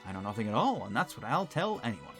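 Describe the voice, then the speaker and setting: A man's voice: on the low side, big pitch swings, fast, a bit bright. A man with a Northern English accent reading the lines of an old, evasive male butler in a formal, polite manner, with faint music behind. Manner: polite, formal, read aloud.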